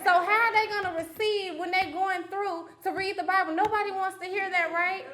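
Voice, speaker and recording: A woman's voice: extremely high pitch, steady tone, fairly quick, sharp tone, a faint crowd. A young woman giving a conversational, personal sermon in a church, telling stories with frequent restarts and asides. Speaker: guest preacher. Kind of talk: testimony-style sermon. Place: church sanctuary. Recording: echoey church sanctuary.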